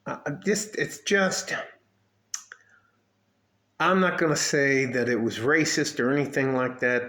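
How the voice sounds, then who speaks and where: A man's voice: mid-range voice, a bit bright. A man from El Paso, talking in a casual, rambling vlog monologue with frequent swearing, restarts and chuckles. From West Texas, El Paso. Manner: profane, laid-back, trailing restarts and chuckles. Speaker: vlogger.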